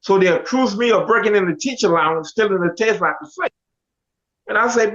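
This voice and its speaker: A man telling his life story with animated storytelling, casually acting out the other people's voices with slang. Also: high-pitched, a little fast. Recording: dull lo-fi sound.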